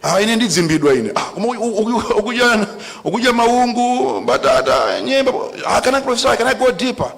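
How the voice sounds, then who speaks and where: Brief: man doing a stammering, squeaky would-be prophet, big pitch jumps, long hall echo. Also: very animated, a little fast, hardly any pauses, fairly bright tone, heavily acted. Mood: mocking. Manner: shrill, stammering, mocking.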